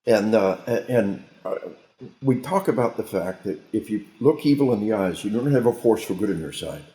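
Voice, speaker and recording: A man's voice: lowish voice, lively intonation, moderate pace, mellow. A man, a guest military trainer, talking in an emphatic, sermon-like way with frequent restarts. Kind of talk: interview talk, preachy storytelling. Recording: roomy echo.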